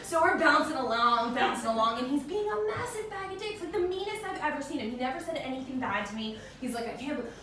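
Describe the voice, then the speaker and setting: A woman's voice: sits high, big pitch swings, quick pace, few pauses. A woman performing live stand-up in a bar venue, telling a story, swearing freely and laughing through her punchlines. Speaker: stand-up comedian. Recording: echoey room recorded from a distance.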